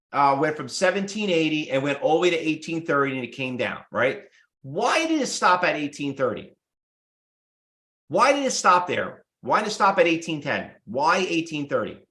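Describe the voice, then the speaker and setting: A brash man runs a trading workshop, blunt and salesy, peppering the class with rhetorical questions. His voice sits a little high, and the room around him rings with echo. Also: fairly bright tone. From United States. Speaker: trading instructor. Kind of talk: live workshop teaching. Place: room with live students.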